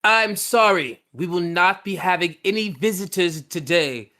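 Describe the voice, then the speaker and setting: A man voicing an older-sounding male figure in living armor with flames for eyes, speaking with booming, formal, deliberate courtesy. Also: expressive, sharp tone, heavily acted. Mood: firm.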